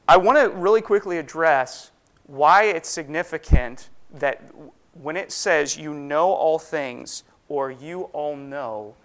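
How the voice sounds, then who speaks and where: A man's voice: on the high side, vocal fry, fairly bright tone. A man teaching a Sunday school Bible class, explaining step by step and asking and answering his own questions.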